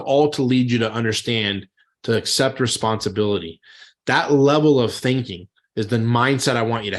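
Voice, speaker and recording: Man in a motivational talk to chefs, storytelling, acts out dialogue, loose and chatty. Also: medium pitch. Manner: storytelling, animated retelling of dialogue; many fillers and restarts. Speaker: chef and business coach.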